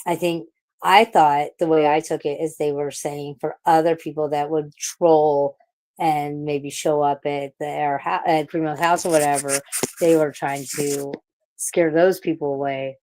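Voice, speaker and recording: A woman's voice: deep voice, little pitch movement, unhurried, darkish tone. A woman from St. Louis in a casual livestream chat, ranting and rambling with lots of swearing and restarts. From St. Louis, USA. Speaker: livestream panel participant.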